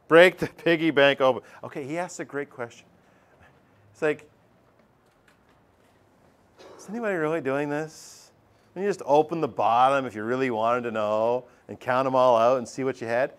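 A middle-aged man teaching a math class, lively and joking, acting out his students' voices. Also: mid-range voice, normal speed, pauses often. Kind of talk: classroom lecture.

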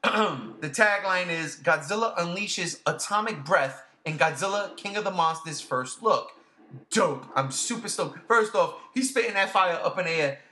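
A man hosting a casual podcast, gushing with excitement, swearing freely and repeating himself. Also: high-pitched. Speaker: podcast host.

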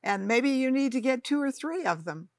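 A woman's voice: high-pitched, lively intonation, moderate pace, no echo. An older woman co-hosting a talk show, speaking affectionately and calling people honey. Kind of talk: warm studio talk show chat.

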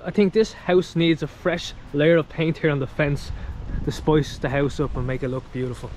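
A man's voice: a little high, fairly even intonation, moderate pace, a little mellow, a little hiss or hum. Upbeat man vlogging on a street. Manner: chatty, upbeat, talks to viewers as guys. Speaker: travel vlogger. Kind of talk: casual walking vlog. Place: outdoors on a town street with passing traffic.

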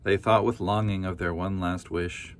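A man's voice: deep voice, fairly even intonation, normal speed, slight background noise. A man reading a children's story aloud as storyteller, adding casual asides.

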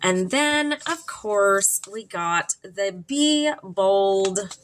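A woman's voice: mid-range voice, animated, drawn-out words, a little hiss or hum. A woman hosting a casual makeup vlog, talking candidly and chattily with frequent ums. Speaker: makeup vlogger.

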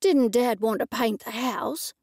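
A woman's voice: a little high, measured pace, darkish tone, no room sound, clean studio sound. A woman reading a disapproving grown son. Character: grown son, critical and judgmental.

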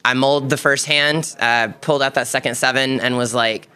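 A man's voice: mid-range voice, fairly even intonation, moderate pace, sharp tone, smooth. A man answering interview questions after a tournament final, hesitant, with many fillers.

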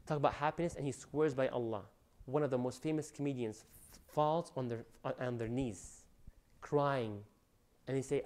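A man giving an animated religious lecture, preaching with loud rising emphasis and Arabic phrases mixed in. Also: mid-range voice, normal speed. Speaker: Islamic lecturer.

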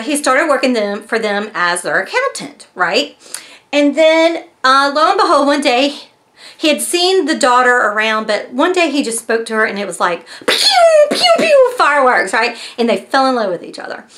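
A woman's voice: fairly high pitch, fairly bright tone. A woman chatting casually as she reviews a mystery box, retelling its story with lots of fillers. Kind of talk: casual chat.

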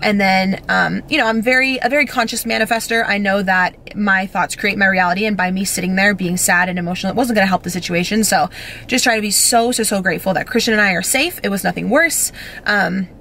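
A woman's voice: medium pitch, a little fast, gravelly, pushed and bright, slight background noise. A young woman vlogging from home, telling a story in a gushing, breathless way and close to tears, full of fillers. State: teary, on the verge of crying. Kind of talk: emotional storytime vlog.

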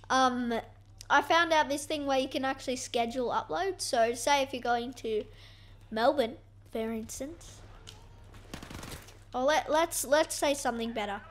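A young woman giving excitable, self-mocking commentary over her own gameplay. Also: high-pitched, measured pace, a little hiss or hum. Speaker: gaming YouTuber.

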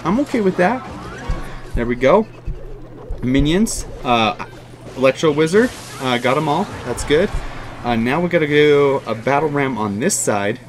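Excitable man commentating his own gameplay. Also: a little high, unhurried, pauses often, faint music behind. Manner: excitable, talks to the game, repeats phrases. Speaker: gaming YouTuber.

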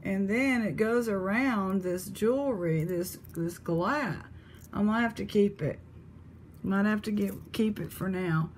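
Woman vlog host, unhurried, chatty, exclaims over finds, faint hum behind. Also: mid-range voice. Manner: chatty, exclamatory, thinking aloud. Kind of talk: casual vlog chat showing thrift finds.

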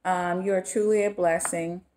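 A woman talks in a relaxed vlog. She gushes her thanks and keeps a casual, personal tone with her viewers. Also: lowish voice, moderate pace, slight background noise. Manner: effusive, gushing thanks. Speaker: vlogger.

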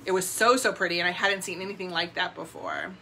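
A woman's voice: fairly low pitch, steady tone, fast, bright, forceful tone, a little hiss or hum. A woman co-hosting a live jewelry sales stream, gushing and upbeat as she talks to viewers. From New Jersey.

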